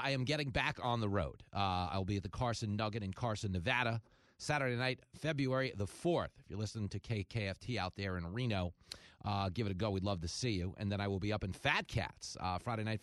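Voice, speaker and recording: Animated, jokey male radio host. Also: mid-range voice, no room sound, studio quality. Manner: fast, jokey, animated comic delivery with sudden loud bursts. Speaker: radio talk show host. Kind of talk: talk radio monologue.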